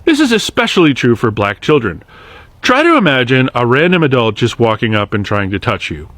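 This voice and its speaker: Hosting a short explainer series for social media, a man speaks a scripted monologue directly to camera, earnest and direct with light sarcasm. His mid-range voice is sing-song, brisk and a bit bright, recorded dry.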